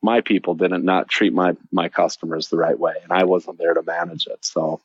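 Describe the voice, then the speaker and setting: A man's voice: low-pitched, normal speed, slightly rough, no room sound, lo-fi sound. A man, a shop owner, casually telling a story on a podcast and acting out the dialogue. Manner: animated, acts out quoted dialogue.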